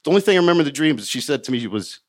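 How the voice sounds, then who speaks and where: A comedian from Florida telling a personal story, rambling, self-mocking and profane, with halting restarts. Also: male voice, on the high side, very animated. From Hollywood, Florida, USA.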